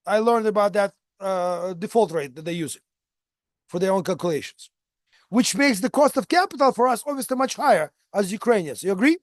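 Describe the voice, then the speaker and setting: An American man gives a lecture in a loose, conversational way, full of restarts and "right?" tag questions. His voice sits high for a man. The sound is dry and close. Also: lively intonation, a little fast, no room sound. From United States. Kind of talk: lecture with anecdotes.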